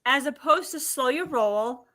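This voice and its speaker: A high-sitting woman's voice at a measured pace belongs to a podcast guest who works as an emotion healer. She relates personal stories in an animated way, performing what people told her.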